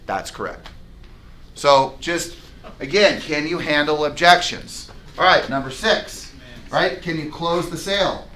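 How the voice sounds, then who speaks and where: A man's voice: fairly high pitch, normal speed, a little hiss or hum. A man leading a live sales training for real estate agents, talking emphatically and acting out client conversations. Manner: energetic, emphatic, acts out client dialogues. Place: training room with a whiteboard.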